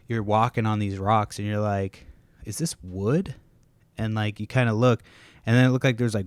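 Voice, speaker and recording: This podcast host talks on his own from home while kids are nearby, rambling casually, cursing frequently, and restarting sentences partway through. He has a lowish, somewhat dark voice, captured in a dry recording.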